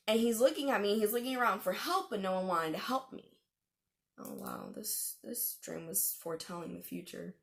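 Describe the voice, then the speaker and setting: A woman's voice: mid-range voice, sing-song, normal speed, gravelly. A young adult woman vlogger telling a personal story to camera in a casual, chatty way, full of slang and fillers.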